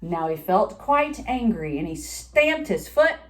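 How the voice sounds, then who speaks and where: Woman doing storytime, very expressive up-and-down voice, chatty asides to the kids. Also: mid-range voice, measured pace, slight background noise. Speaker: storytime reader. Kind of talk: reading a picture book aloud to children.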